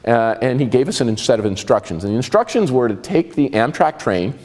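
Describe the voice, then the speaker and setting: A man in his sixties with a New Jersey accent, speaking in a reverberant hall. His pitch swings widely as he tells his stories in an animated, self-mocking way. His voice sits in a middle register for a man. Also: brisk. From New Jersey, USA. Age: 60s. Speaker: speaker giving a talk. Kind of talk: personal storytelling talk.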